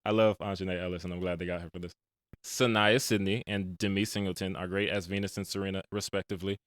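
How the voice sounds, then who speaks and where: Young man, low voice, rapid talker, lively slang-filled recaps, dry close mic. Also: clean tone, dry recording. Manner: animated storyteller, retells scenes with slangy asides. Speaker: podcast host reviewing movies. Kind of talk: casual chat.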